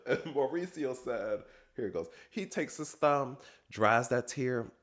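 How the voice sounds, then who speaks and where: A man's voice: mid-range voice, animated, unhurried, hardly any pauses, a bit bright. A man chatting casually and gossiping through a reality TV recap, laughing often. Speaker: recap vlogger.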